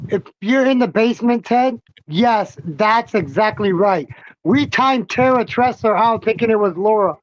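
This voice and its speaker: A man's voice: sits high, lively intonation, measured pace, no echo, muffled recording. A man hosting a livestream in casual chat, swearing freely and getting worked up. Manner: loose, profane, worked up. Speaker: livestream host.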